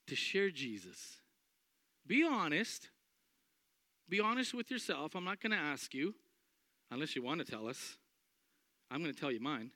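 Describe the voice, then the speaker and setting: A man preaching a sermon as pastor, animated, acting out the voices of people in the story. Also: fairly high pitch, normal speed, pauses often, no echo.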